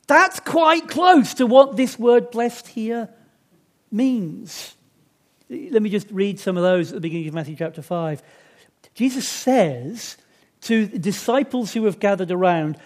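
High-voiced chatty male preacher. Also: animated, moderate pace. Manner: chatty, self-deprecating, many restarts. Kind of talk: sermon.

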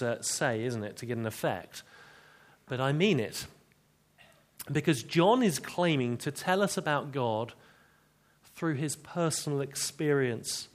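A man preaching a sermon, earnest and emphatic, slowing down to read scripture. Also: medium pitch.

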